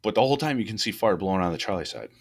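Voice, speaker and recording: Deep-voiced rambling firefighter man. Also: racing, vocal fry. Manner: loose and rambling, many restarts, rising pitch when animated. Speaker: podcast co-host, fire truck company boss. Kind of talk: casual shop talk about firefighting.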